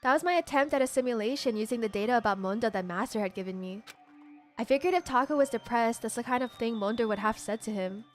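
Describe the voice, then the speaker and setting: A woman reading as a polite, gentle AI program. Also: fairly high pitch, fast, lightly acted. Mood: earnest. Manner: earnest, analytical. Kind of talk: reading game dialogue aloud.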